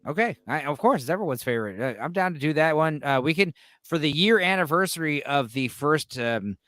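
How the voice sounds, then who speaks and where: Rambling, animated man, clean dry voice. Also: on the high side, a little fast, dry recording. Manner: rambling, animated, frequent restarts. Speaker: podcast host. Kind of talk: casual chat among friends.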